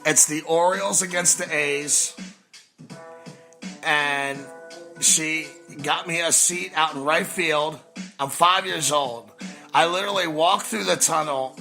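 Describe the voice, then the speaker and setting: A man's voice: on the high side, steady tone, a little slow, pushed and bright, faint music behind. A man in his forties, a podcast host, telling a nostalgic story with emphatic, repeated phrases. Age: 40s. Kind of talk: storytelling monologue.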